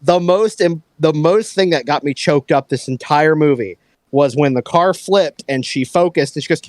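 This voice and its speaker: A man on a headset mic, hosting a casual movie talk and acting out quotes with lively energy. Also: fairly high pitch, normal speed, dry recording. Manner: animated, acts out quotes, talks to his dog. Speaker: podcast host.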